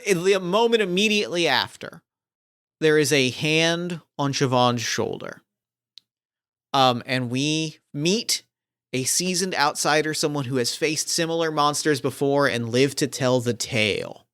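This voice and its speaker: A man narrating as game master of a tabletop game, relaxed and sprinkling in ums. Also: a little high, takes it slowly, clean tone, no echo, clean studio sound.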